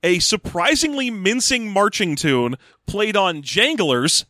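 A man co-hosting a podcast, recapping a book with joking, animated storytelling. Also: high-pitched, slow pace, dry recording, studio quality. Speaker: podcast co-host. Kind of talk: casual comedic book recap.

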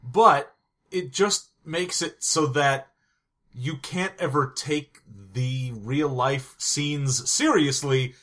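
Male co-host, bright and sarcastic, playful delivery. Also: on the high side. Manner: sarcastic, playful, quick bits. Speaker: podcast co-host. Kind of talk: casual movie-review chat.

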